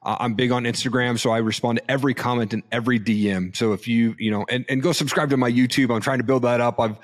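A man's voice: mid-range voice, fairly even intonation, fast. A man in his thirties, an entrepreneur and father, speaking earnestly as a guest in a casual interview and often dropping in the word "man".

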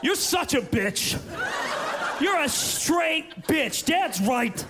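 A man's voice: very high voice, animated, brisk, heavy background noise. A man doing a whiny entitled teen boy. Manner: whiny, sulky.

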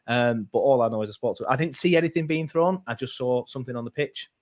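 A man's voice: mid-range voice, fast talker, a little mellow. Rambling man hosting a fan podcast. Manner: rambling, hesitant, many fillers and restarts. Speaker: podcast host. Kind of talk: casual fan podcast chat.

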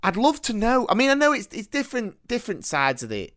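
A man in his thirties chats on a podcast with a bouncy, animated voice that swoops up and down. He sounds playful, laughs easily and trips over his own words. The sound is close and dry, with no room around it. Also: high voice, quick pace, no room sound. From northern England. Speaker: podcast co-host. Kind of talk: casual chat.

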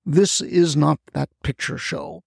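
A man's voice: on the high side, fairly even intonation, slow pace, vocal fry, darkish tone, no room sound, studio quality, heavily acted. A man doing a cool, scheming crime boss. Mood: fatalistic. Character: scheming male landfill mogul, calm and fatalistic.

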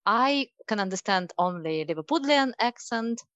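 Russian-accented woman, halting, dry sound. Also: mid-range voice, lively intonation, a bit bright, dry recording, highs cut off. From Ukraine. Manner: hesitant, many restarts and fillers. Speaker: guest. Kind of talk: casual chat.

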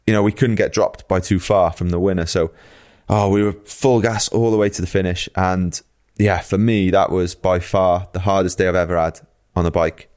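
Laid-back low-voiced cyclist man. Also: darkish tone. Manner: laid-back, chatty, heavy use of fillers like "like" and "you know". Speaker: pro cyclist guest. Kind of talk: casual podcast chat.

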